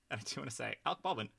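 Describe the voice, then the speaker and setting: A man's voice: mid-range voice, vocal fry, pushed and bright, breathy edge, no echo. A man co-hosting a casual film podcast, rambling with lots of fillers and restarts. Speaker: podcast co-host.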